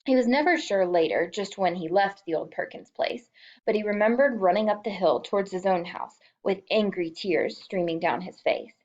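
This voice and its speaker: A woman's voice: medium pitch, normal speed, darkish tone, highs cut off. A woman reading a novel aloud as an audiobook, emotive and lightly voicing the characters. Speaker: audiobook reader.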